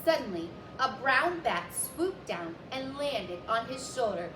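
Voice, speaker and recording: A woman reads a children's picture book aloud slowly and gently, then walks young listeners through a craft. Her voice sits a little high, and it echoes around the room with music playing behind her. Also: lively intonation, a little hiss or hum. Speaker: children's librarian, story time host.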